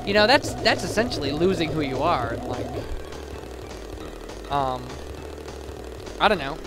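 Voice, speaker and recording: Young male let's player, rambling and self-mocking, slightly high voice, game music behind. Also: lively intonation, a little slow. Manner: rambling, chatty, self-deprecating, with many fillers. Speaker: let's play commentator. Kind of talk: casual gameplay commentary.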